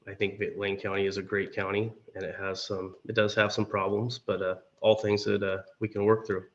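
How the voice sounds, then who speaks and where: Hoarse man with halting delivery. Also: fairly low pitch, level tone. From Oregon. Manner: halting, many fillers. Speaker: candidate. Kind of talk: opening statement at a forum. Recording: dull lo-fi audio.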